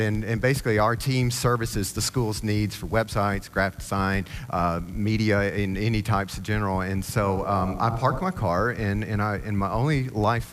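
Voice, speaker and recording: A man giving a personal storytelling talk on stage, rambling and halting, with self-deprecating humor. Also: fairly low pitch, fairly bright tone. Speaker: conference speaker. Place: on stage before an audience.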